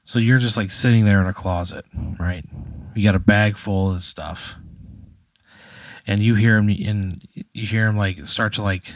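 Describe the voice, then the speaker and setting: A man's voice: on the low side, fairly even intonation, moderate pace, no room sound. A man casually spinning an improvised scenario, rambling with lots of fillers and laughing at his own jokes. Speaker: host running an improvised scenario.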